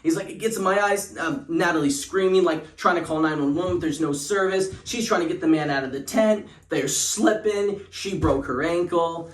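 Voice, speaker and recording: A man's voice: on the high side, moderate pace, few pauses, reverberant. A young man telling a parody spooky story in a rambling way, with lots of fillers and restarts.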